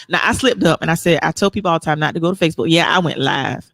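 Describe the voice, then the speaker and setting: A woman hosting a faith podcast, talking in a lively, preacherly way. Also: deep voice, fast talker, few pauses, no room sound. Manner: animated, preacherly, reads listener comments aloud. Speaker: podcast host.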